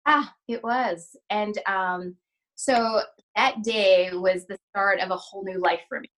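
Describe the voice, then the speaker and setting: A woman's voice: medium pitch, fairly even intonation, a little slow, a bit bright, rough recording. A middle-aged woman, a physical therapist, telling an emotional personal story in a podcast interview, earnest and full of fillers and restarts as she acts out the dialogue. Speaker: physical therapist and practice owner, podcast guest.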